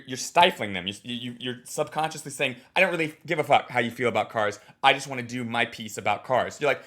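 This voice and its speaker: Speaking at a medium pitch, this man teaches comedy and bluntly, animatedly critiques a recorded set. To make his points he swears and mimics the comedian and the audience.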